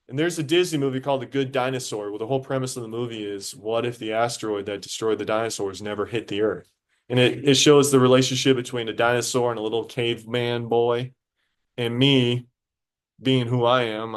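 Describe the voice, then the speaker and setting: A man teaching a high school biology class, casual and talkative, stopping to quiz students directly. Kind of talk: classroom lecture.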